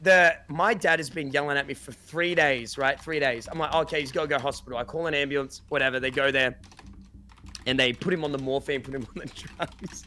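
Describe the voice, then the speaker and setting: Young man telling a rowdy story, bright voice. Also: medium pitch, fairly quick, a little hiss or hum. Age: young adult. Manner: animated storyteller, acts out quotes, swears, laughs. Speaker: podcast guest. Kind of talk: casual chat, storytelling.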